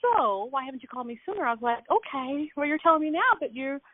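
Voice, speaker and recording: A woman's voice: high-pitched, expressive, fast, dry recording. A woman on a coaching call, retelling a conversation with lots of laughter and quoted dialogue. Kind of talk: casual storytelling chat. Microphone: phone. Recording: tinny phone line.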